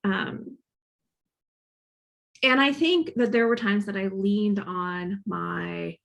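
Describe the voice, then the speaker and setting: A woman in her thirties with a Midwestern accent carrying a slight Boston inflection speaks as a guest author. Her mid-pitched voice has a steady gravelly fry. She talks in a candid, reflective way, thinking aloud with plenty of "um" and "like.". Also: takes it slowly. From Northern Kentucky. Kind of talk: casual conversational talk at a library author event.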